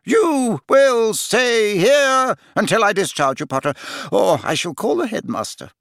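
A man reading an audiobook, voicing a brisk, bossy older female school nurse with a firm, fussing, no-nonsense manner. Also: sits high, expressive, creaky, fairly bright tone, no echo, studio quality, voice pushed up, heavily acted. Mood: stern. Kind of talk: audiobook character voice.

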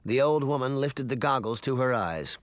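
A man's voice: mid-range voice, normal speed, no echo. A man narrating a children's fantasy novel as an audiobook. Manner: expressive storytelling. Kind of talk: scripted narration.

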